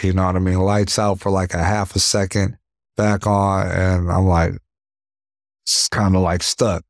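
A young adult man, a professional boxer, telling stories from the ring in a relaxed interview, acting out punches with sound words. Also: low-pitched, normal speed, dry recording, clean studio sound. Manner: animated storyteller, acts out punches with sound words; leans on "you know what I mean". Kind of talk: casual interview storytelling.

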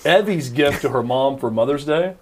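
A man's voice: medium pitch, expressive, normal speed, a little hiss or hum. A man in his thirties hosting a talk show, telling rambling, self-deprecating stories with emphatic insistence. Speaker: radio talk show host. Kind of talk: casual talk show banter.

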